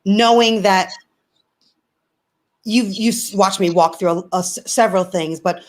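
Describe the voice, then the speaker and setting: A woman's voice: medium pitch, a little slow, rough recording. A woman guest on a video call, speaking earnestly and telling a personal story with many restarts. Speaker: interview guest, singer. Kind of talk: casual conversation.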